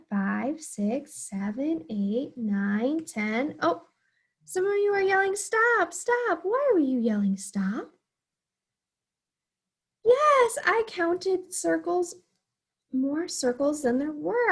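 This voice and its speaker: A woman's voice: fairly high pitch, creaky, darkish tone, husky. A young woman teaching a math lesson to small children, counting aloud in an encouraging, sing-song way.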